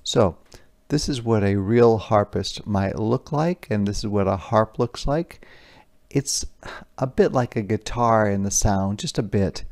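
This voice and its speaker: A man's voice: lowish voice, unhurried. A man teaching by reading a picture book aloud to young children, stopping to explain words and pictures in simple terms. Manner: puts gentle emphasis on the words he reads aloud.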